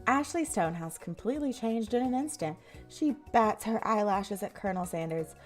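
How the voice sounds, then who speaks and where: A woman's voice: mid-range voice, lively intonation, moderate pace, faint music behind. A woman with a Southern US accent narrating a visual novel game aloud as a streamer, playful and self-mocking.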